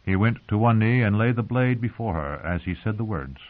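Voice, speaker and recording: A man narrating an audiobook in a measured, calm reading, heard through narrow phone-like sound. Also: on the low side.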